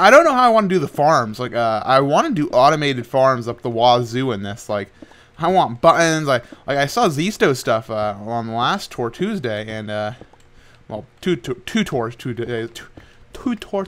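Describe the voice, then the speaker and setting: Young male gaming host, loose chatty commentary, giggly and rambling, mid-pitched voice, home desk mic. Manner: rambling and playful, often laughing, trailing off quietly. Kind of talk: casual Minecraft commentary.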